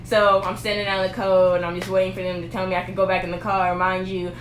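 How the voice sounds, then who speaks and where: A woman's voice: mid-range voice, fast talker. A young woman hosting a couple's vlog, telling a story in casual chat and acting out what people said. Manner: animated storyteller, acts out quotes. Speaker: vlog co-host. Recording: echoey room with faint noise.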